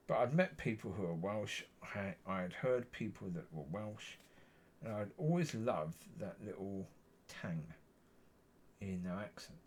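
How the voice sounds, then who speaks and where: A man's voice: lowish voice, animated, unhurried, darkish tone, a little hiss or hum. A man giving a rambling personal faith testimony to camera, often repeating and correcting himself. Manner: meandering, repeats himself, frequent self-corrections. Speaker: Christian vlogger.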